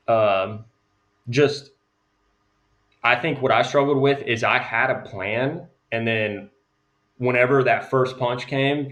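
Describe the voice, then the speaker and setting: A male interview guest talking casually in a relaxed, chatty way. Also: medium pitch. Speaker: guest, veteran entrepreneur.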